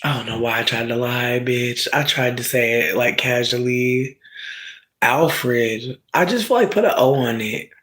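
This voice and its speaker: Streamer chatting with viewers: brash, profane, animated, prone to loud shouting bursts, mid pitch. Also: unhurried. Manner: asides to the audience. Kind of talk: casual storytelling chat.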